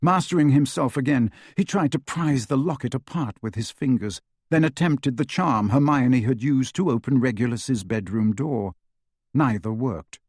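A man reads an audiobook in a steady, measured way at a middle pitch. His voice has a slightly husky edge. The recording is dry and close. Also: no room sound. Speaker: audiobook narrator. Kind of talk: scripted narration.

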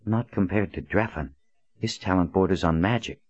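A man voicing a composed, stern woman leader who speaks in a low, calm, clipped way, on a dull, lo-fi recording. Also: moderate pace, husky, no echo.

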